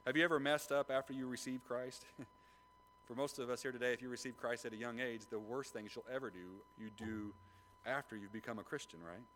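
A man preaching a sermon, retelling a Bible story with lively acted-out voices. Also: medium pitch, brisk, a little hiss or hum, rough recording. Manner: animated storytelling, acts out the voices of biblical figures. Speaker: pastor.

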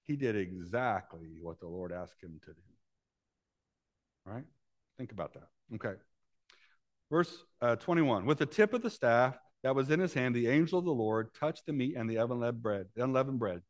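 A man's voice: mid-range voice, lively intonation, moderate pace. Conversational male preacher. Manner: conversational, asks the congregation questions; acts out the voices of Bible characters. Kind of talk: sermon.

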